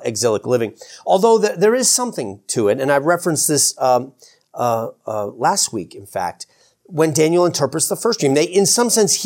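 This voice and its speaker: A man at a middle pitch preaches a sermon in a loose, conversational manner. He backtracks, repeats words and corrects himself as he goes. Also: a little mellow. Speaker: pastor.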